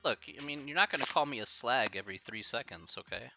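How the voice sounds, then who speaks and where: Lively, bright-voiced American math tutor. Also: male voice, mid-range voice, fast, vocal fry, dull audio, soft background music. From United States. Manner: chatty, encouraging, laughs often. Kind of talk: casual livestream tutoring chat.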